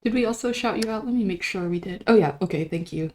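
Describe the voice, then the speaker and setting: A woman's voice: mid-range voice, fast, a little mellow, a little hiss or hum. A young woman hosting a livestream, chatting casually in a rambling, self-deprecating way, her throat still a little sore. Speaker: livestream host. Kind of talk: casual chat.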